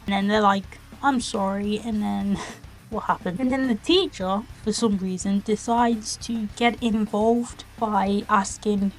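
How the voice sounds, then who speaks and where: A woman's voice: mid-range voice, normal speed, a little mellow. A woman casually reviewing online videos, retelling the plot in a rambling, giggly, exclamatory way.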